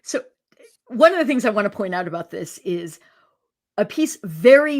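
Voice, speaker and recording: A woman guest commenting in a casual interview, animated and incredulous in tone. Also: on the low side.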